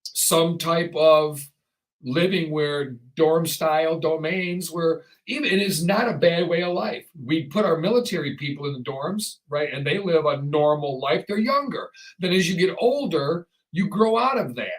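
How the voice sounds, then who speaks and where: A man hosting a casual podcast chat, rambling and animated, often acting out the voices of people he quotes. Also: a little high, measured pace, low-quality recording. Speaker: podcast host.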